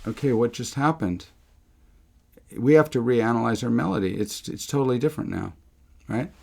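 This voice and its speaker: A man's voice: mid-range voice, moderate pace, creaky, a little mellow. A middle-aged man teaching a music theory lesson, talking through examples, asking himself questions and correcting himself as he goes. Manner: thinking aloud, rhetorical questions, self-corrections.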